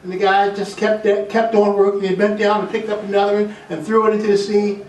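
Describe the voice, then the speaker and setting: A man's voice: high-pitched, flat delivery, a little fast, slight background noise. A middle-aged man giving a homespun tribute speech about his father at a family gathering, repeating phrases and restarting sentences. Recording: roomy echo, voice from far off.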